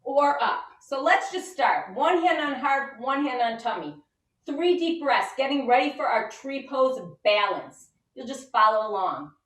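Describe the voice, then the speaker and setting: A woman's voice: sits high, lively intonation, measured pace, fairly bright tone. A woman leading a children's yoga and mindfulness lesson, giving upbeat, encouraging step-by-step instructions. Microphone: camera set back from her. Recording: roomy sound from a distant mic.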